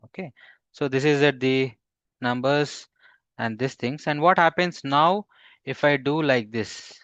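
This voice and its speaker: Male instructor, mid-pitched, dry dull lo-fi sound, halting delivery with fillers, quizzes the class. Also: fairly bright tone, dry recording. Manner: halting, with frequent fillers and restarts. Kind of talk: live coding class.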